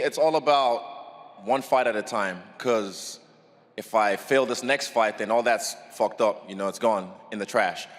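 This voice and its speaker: A man's voice: lowish voice, fairly bright tone, big-room sound. A man answering press conference questions as a fighter, laid-back and confident, swearing casually.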